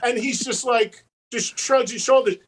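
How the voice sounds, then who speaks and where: A man's voice: extremely high pitch, measured pace, slightly rough. A man who is a guest on a talk show, telling a story at length and acting out the people in it. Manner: animated storyteller, fond of quoted voices. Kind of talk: casual storytelling.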